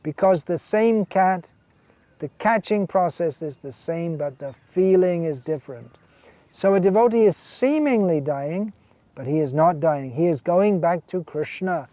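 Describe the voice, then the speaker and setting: Earnest, fairly high-voiced male preacher. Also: expressive, measured pace, mellow, dry recording. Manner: earnest, emphatic, repeats key words, reads out quotations. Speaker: monk lecturing on scripture. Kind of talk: sermon.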